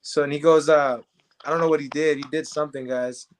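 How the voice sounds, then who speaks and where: A man telling a story as a show guest in animated, slangy casual talk. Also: a little high, fairly quick. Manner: animated, slangy, says "bro".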